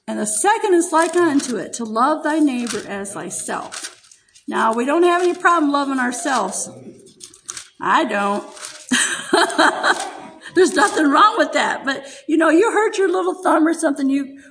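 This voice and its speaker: A woman's voice: high-pitched, fairly bright tone, slight background noise, poor audio. An older American woman preaching, giving an emotional testimony and often laughing as she speaks. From United States. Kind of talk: heartfelt sermon testimony.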